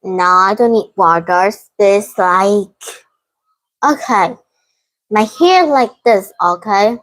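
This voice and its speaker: Woman, English student, halting English, dizzy, video call. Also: medium pitch, fairly bright tone, poor audio. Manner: halting, informal non-native English. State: dizzy from heat. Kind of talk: reading exercise answers aloud.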